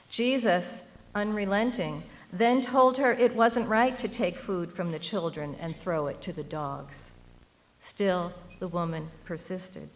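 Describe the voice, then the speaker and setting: A middle-aged woman giving a prepared speech at a university event, earnest and rhetorical, building to emphatic appeals. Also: lowish voice. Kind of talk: prepared speech read aloud.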